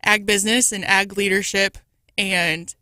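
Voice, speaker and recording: A woman's voice: medium pitch, steady tone, measured pace, pushed and bright, no room sound. A young woman with a Midwestern American accent co-hosting a morning radio show, chatting casually and sounding amused. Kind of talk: talk radio banter. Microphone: studio microphone.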